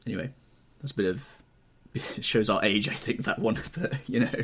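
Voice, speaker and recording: A man's voice: fairly low pitch, moderate pace, gravelly, a bit bright, slightly rough. A young man co-hosting a podcast in casual chat, dry and wry in an easygoing way. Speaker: podcast co-host.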